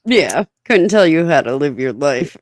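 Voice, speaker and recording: A woman's voice: low voice, sing-song, unhurried, no room sound, studio quality. A woman hosting a podcast, chatting casually, teasing her guest and laughing often. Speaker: podcast host.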